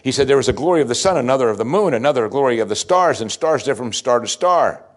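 Animated man preaching a sermon. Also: quick pace. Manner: animated, swings from loud emphatic to low and quiet, rhetorical questions; plain-spoken, folksy.

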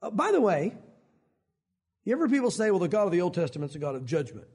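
A man preaches with a high, somewhat husky voice. He keeps it conversational and animated, slipping into little acted-out quotes as he goes. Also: quick pace. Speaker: pastor. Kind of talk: sermon.

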